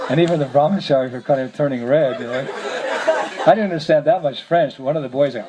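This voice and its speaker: A man's voice: a little high, quick pace. A man, a visiting monk, telling a story to a gathering, chuckling often as he speaks. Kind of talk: storytelling talk. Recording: noisy lecture recording.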